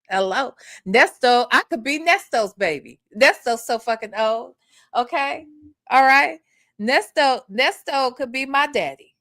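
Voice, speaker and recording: In a slightly high, bright and forceful voice, a woman reads chat comments while hosting a casual commentary livestream. Emphatic and repetitive, she curses freely and keeps adding "okay?" to her lines. Studio-quality sound with no echo.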